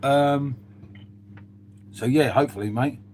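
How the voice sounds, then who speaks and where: A man's voice: mid-range voice, takes it slowly, a little mellow, a little hiss or hum. Chatty man live-streaming. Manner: chatty, lots of "mate" and "um". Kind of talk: casual live-stream chat reading comments.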